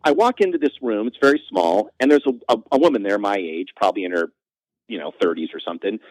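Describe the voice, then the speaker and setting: A man with a fairly low voice, recorded close and dry with almost no room sound. He tells self-mocking stories as a podcast guest, jumping up in pitch when the punchline lands. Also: dry recording, poor audio. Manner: animated, self-mocking anecdotes with quick pitch jumps. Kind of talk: conversational storytelling.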